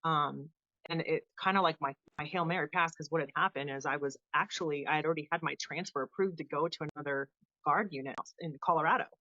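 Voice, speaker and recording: A woman in her thirties, a guest on an interview show, telling her story in a casual, animated way and acting out the people she quotes. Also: deep voice, fast talker, no room sound, highs cut off. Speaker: podcast guest, Air Force veteran.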